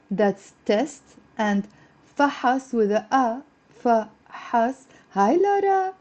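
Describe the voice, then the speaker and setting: A woman's voice: fairly high pitch, mellow, highs cut off. A woman whose first language is Lebanese Arabic, teaching a live-streamed lesson in a chatty, encouraging way and greeting viewers by name, a little stressed and flustered.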